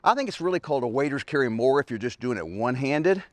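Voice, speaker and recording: A man in his forties, a fitness coach, talks fast and expressively in a mid-range voice with no room sound. Outdoors in a backyard, he casually demonstrates heavy carries, winded and grunting and sighing with effort between sentences.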